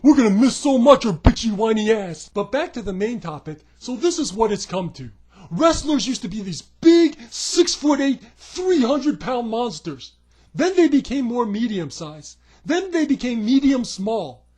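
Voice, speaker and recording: High-pitched guy doing a snarky profane rant, yells a lot. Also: sing-song, measured pace, husky. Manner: sarcastic, profane and mocking; often breaks into shouting. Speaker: wrestling commentary vlogger. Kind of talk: comedic rant.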